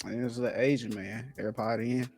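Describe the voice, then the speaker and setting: A man's voice: medium pitch, steady tone, moderate pace, gravelly, over music. A man co-hosting a podcast, telling a story in a laid-back way, laughing through it and swearing often. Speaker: podcast co-host. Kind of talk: casual podcast chat.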